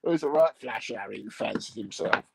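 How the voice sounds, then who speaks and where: A man's voice: mid-range voice, lively intonation, a little fast, vocal fry, darkish tone, breathy edge, dry recording, rough recording. A man rambling through crude comic chat, bawdy and meandering, chuckling at his own jokes. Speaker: comic monologue host.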